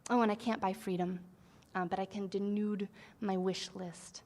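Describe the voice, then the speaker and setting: A woman poet reads her own work aloud before a live audience. Her delivery is soft and measured, and some phrases drop to a near whisper. Her voice sits at a middling pitch. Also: steady tone. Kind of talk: live poetry reading.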